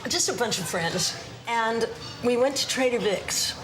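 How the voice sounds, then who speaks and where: A woman talking as a guest in archive TV footage, lively and open, laughing easily in a candid chat. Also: fairly high pitch, unhurried, rough recording. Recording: old TV footage with music behind. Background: music.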